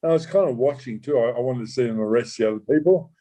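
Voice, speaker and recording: A man, a former undercover cop, recounting a true story in an interview, halting with many restarts and swearing casually. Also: mid-range voice, dark tone, low-quality recording. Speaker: former undercover police officer.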